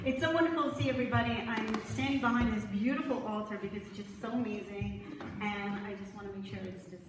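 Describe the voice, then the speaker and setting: A woman's voice: mid-range voice, fairly even intonation, quick pace, noisy background. A woman minister giving an inspirational sermon, telling a story with laughter and checking in with her congregation. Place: sanctuary with altar. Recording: echoey room, speaker far from mic.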